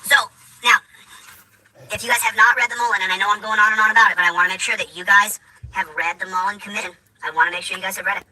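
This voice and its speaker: Male commentator, rapid repetitive ranting, bright, raspy tone. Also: sits high, fairly even intonation, low-quality recording. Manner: fast, repetitive, emphatic ranting. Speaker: video commentator.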